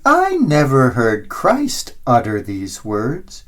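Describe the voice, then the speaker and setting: A man's voice: medium pitch, wildly swooping pitch, takes it slowly, fairly bright tone, heavily acted. A man voicing an old Saint Peter at heaven's gate, stern and dismissive toward a proud pope. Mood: incredulous. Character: old male Saint Peter, calm and unimpressed.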